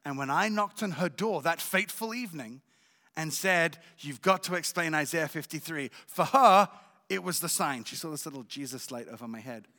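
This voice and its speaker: Animated man telling his testimony in a hall. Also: a little high, moderate pace. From Israel. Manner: animated storytelling, keeps checking in with listeners. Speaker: guest speaker. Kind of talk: personal testimony at a church service. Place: church sanctuary.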